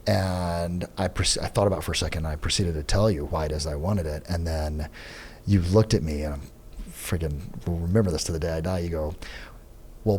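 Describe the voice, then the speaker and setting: A man with a fairly low voice tells a story in a relaxed podcast chat. He is animated and jumps into the voices of the people he quotes. He talks as a sales trainer who is a guest on the show. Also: a little hiss or hum. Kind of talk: casual storytelling. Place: podcast studio.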